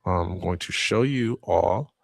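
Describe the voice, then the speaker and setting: A low-voiced man with a gravelly edge runs a casual motivational livestream, chatting freely and thinking out loud as he goes. His delivery is animated and conversational. The sound is close and dry. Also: slow pace, no echo. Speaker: speaker and coach hosting a livestream.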